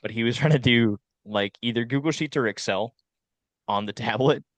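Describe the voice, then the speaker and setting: A young man from South Carolina co-hosts a casual podcast, drifting from one story to the next and laughing often. His voice sits at an ordinary middle pitch. The recording is close and dry. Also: moderate pace, dry recording. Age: young adult. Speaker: podcast co-host. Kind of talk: casual chat.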